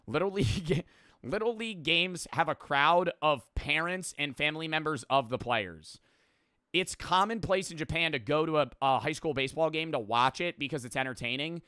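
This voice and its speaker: Young man, streamer, casual reaction chat, profane, rambling, crisp tone. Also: fairly high pitch, normal speed, sharp tone, dry recording, studio quality.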